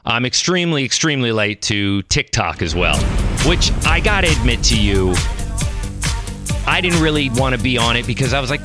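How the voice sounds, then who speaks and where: A man's voice: mid-range voice, lively intonation, fairly quick, pushed and bright, soft background music. A man hosting a comedy podcast, talking wryly and mocking himself. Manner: self-mocking, wry. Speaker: podcast host.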